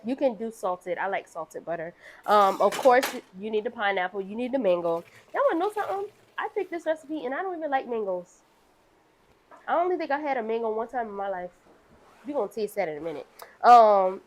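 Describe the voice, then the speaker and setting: A young woman, casually hosting a cooking show and chatting through the ingredients. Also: fairly high pitch. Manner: chatty and playful, walks viewers through ingredients.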